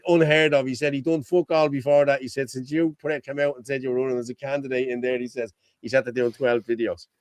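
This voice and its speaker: A man's voice: mid-range voice, level tone, fast, no echo. A middle-aged man hosting a live stream chat, rambling and swearing, with a constant "you know what I mean". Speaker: host.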